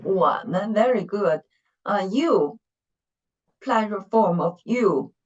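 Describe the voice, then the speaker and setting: A woman's voice: medium pitch, animated, darkish tone. A woman teaching Mandarin in an online lesson, speaking patiently and modeling each word for her students. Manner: patient, slow, encouraging, models words. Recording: dull, muffled online call audio.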